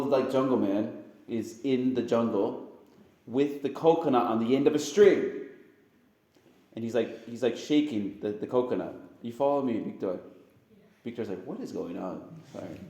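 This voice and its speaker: A man, a priest giving a casual, chatty homily to a group of young people, now and then breaking into silly high sound effects. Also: normal speed, pauses often. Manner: chatty and animated, bursts into high-pitched sound effects and jokes with the audience. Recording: very echoey room sound.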